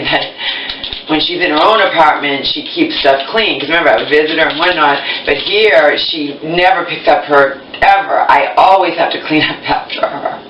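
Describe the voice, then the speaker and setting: A woman's voice: deep voice, gravelly, background noise. Woman ranting on her vlog, rambly and sarcastic, kinda far from the mic, echoey muffled room. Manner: agitated, rambling, sarcastic, swears often. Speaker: vlogger. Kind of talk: venting monologue to camera. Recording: roomy, distant, muffled home recording.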